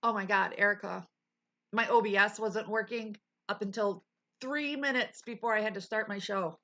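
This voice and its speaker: A woman's voice: medium pitch, normal speed, a bit bright, lo-fi sound. A woman streamer chatting casually with her live chat, laughing often and full of exclamations, at a desk mic.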